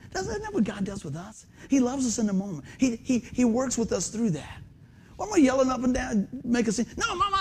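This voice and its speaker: Animated high-voiced preacher man in his fifties. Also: slight background noise. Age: 50s. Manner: animated, quizzes the congregation, self-deprecating humor. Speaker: pastor. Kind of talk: conversational sermon. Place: church sanctuary under stage lights.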